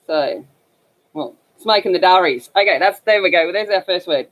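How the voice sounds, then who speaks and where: On a coloring livestream she hosts, a woman chats away casually, rambling and leaning on many fillers. Her scratchy voice is on the low side, her pace moderate, and her accent is Australian, from the country's north.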